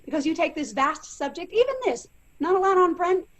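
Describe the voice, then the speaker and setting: Animated high-voiced woman actress. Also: brisk. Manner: animated, acts out quotes and accents. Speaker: actress and living history performer. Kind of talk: virtual Q&A interview answers.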